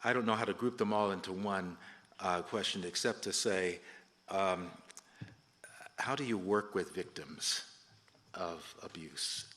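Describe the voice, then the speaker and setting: A man moderating a lecture Q&A, reading audience questions haltingly with many pauses. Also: low voice, fairly bright tone, big-room sound. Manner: halting, hesitant, many ums. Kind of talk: live Q&A moderation.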